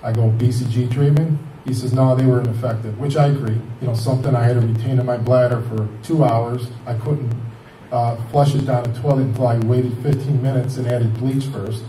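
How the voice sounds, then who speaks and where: A man's voice: medium pitch, fairly quick, slight background noise. A man in his fifties telling his own cancer story in a rambling way, acting out the conversations he had. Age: 50s. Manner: rambling, animated retelling with quoted dialogue. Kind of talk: personal storytelling. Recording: echoey room, voice from far off.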